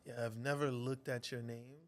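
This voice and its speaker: A man's voice: mid-range voice, little pitch movement, moderate pace. A man hosting a casual interview who asks curious, friendly questions. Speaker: host.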